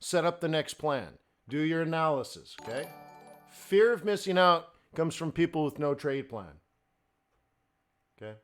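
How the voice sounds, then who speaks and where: A man's voice: on the high side, animated, measured pace, a bit bright, faint music behind. A middle-aged man hosting a live forex trading stream, talking in a blunt, fired-up, ranting way.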